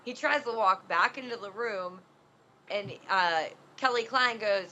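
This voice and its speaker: A woman wrestler tells a story as an interview guest. She talks in a bright, sharp voice, animated and loose with plenty of fillers. The recording is dull and lo-fi. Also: mid-range voice, unhurried, slight background noise.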